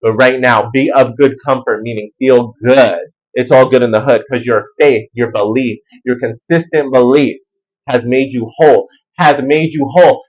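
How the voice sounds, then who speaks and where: A man talks through a tarot reading in an animated, rambling way, full of slang. His voice sits at an ordinary pitch, and the audio sounds a little muffled. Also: normal speed. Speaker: tarot reader. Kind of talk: casual spiritual card reading.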